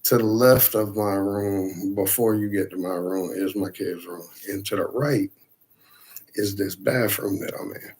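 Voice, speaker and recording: A man casually telling a profane, animated story about a frightening night. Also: on the low side, a little slow, breathy edge.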